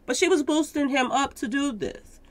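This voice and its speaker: A woman's voice: high voice, normal speed. A woman hosting a casual news commentary, talking straight to her viewers, repeating her points with emphasis. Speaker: commentary channel host.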